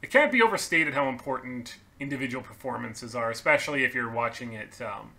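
A young man from Canada co-hosts a casual podcast, speaking earnestly. His voice is strikingly bright and sharp, at a middle pitch for a man. He restarts and repeats words as he works through his thoughts. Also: lively intonation, a little fast, creaky. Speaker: podcast co-host. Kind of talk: casual chat.

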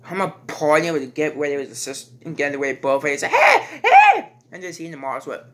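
Bright, halting man rambling a review. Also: fairly high pitch, steady tone. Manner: halting, repeats "and then" often, restarts sentences. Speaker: movie reviewer. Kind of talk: casual rambling movie review.

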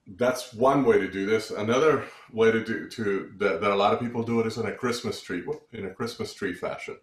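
Lower-voiced man teaching beat counting. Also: normal speed, echoey room. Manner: counts beats aloud, many restarts, explanatory. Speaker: music theory teacher. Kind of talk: online music lesson.

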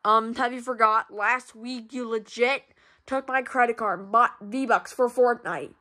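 A woman's voice: fairly high pitch, steady tone, bright, forceful tone, pitched below the performer's own voice. A woman voicing a strict dad who halts and stumbles while ordering his kid to do chores, in a homemade fan movie. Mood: stern. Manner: stern, halting, stumbling over words.

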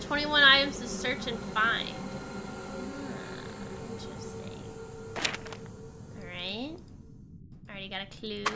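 A young woman streaming a game, chatting and thanking viewers in a bubbly way. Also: on the high side. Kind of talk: casual gameplay commentary.

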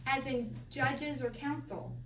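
At a slow pace, a fairly high-voiced woman teaches Bible Hebrew in a laid-back class, animated and laughing as she asks rhetorical questions. The audio carries a distant, roomy echo and slight background noise.

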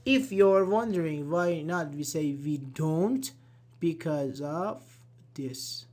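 An online English teacher giving a live grammar lesson, slowly repeating example sentences and answering chat. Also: medium pitch, darkish tone. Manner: slow, repeats examples, apologizes and laughs at own slips.

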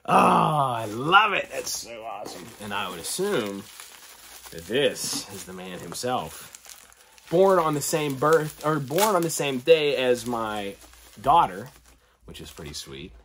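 A middle-aged man talking casually through an unboxing, excitable and often dropping to delighted whispers and gasps. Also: mid-range voice, a little slow. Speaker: collector vlogger.

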